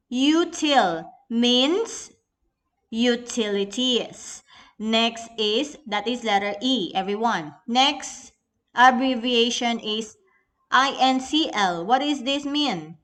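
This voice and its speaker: Filipino woman teaching English, slow-paced. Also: on the high side, fairly bright tone. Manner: patient, instructive, addresses class as everyone. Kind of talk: recorded online lesson.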